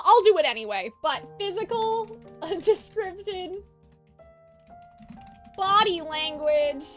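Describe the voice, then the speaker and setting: A woman's voice: very high voice, fairly bright tone. A woman streamer in casual live-stream chat, talking in a rambling, chatty way and often correcting herself.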